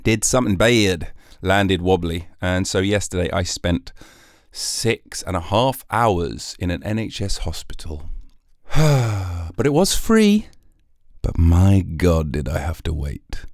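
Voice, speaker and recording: A man's voice: sits low, slow, dry recording, studio quality. A British man hosting his own podcast, rambling through a jokey, sarcastic solo monologue. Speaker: podcast host.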